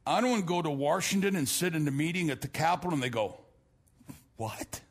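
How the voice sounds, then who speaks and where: A middle-aged male pastor preaching a sermon in a church, building to shouted emphasis and telling stories with stammered restarts. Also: fairly high pitch, fast talker. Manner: preaching with rising, shouted emphasis and repeated phrases. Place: church sanctuary.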